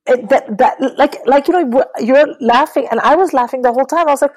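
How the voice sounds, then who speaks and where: A middle-aged woman talking casually about books in an interview, animated and swearing freely. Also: sits high, moderate pace, poor audio. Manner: animated, swears, mimics people in quotes. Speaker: guest.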